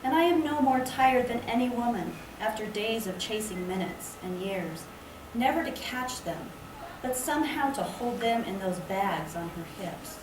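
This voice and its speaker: Woman reading poems, slow, mid-pitched, distant mic, noisy roomy library. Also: lively intonation. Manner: slow, measured, lyrical delivery. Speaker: poet reading her work. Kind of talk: poetry reading. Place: public library reading event. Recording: echoey room, distant mic, background noise.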